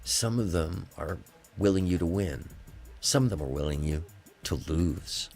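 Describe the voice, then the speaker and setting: Over soft background music, a man hosts a live call-in stream, his low voice creaky and darkish in tone as he talks in an unhurried way. It's casual call-in chat, and he tells stories emphatically, rambling along at a drifting pace.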